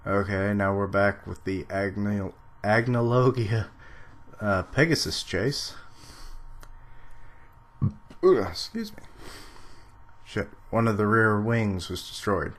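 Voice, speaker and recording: A man reading a manga chapter aloud on a live stream and commenting on it, with dry sarcastic asides and now and then clearing his throat. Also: lowish voice, takes it slowly, pauses often. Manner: clears throat, mentions allergies. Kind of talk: casual live reading and reaction.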